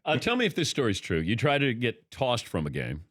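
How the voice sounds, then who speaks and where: A man's voice: mid-range voice, wildly swooping pitch, a little fast, fairly bright tone. A man hosting a sports talk show, asking curious questions and laughing easily. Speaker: radio talk show host. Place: studio.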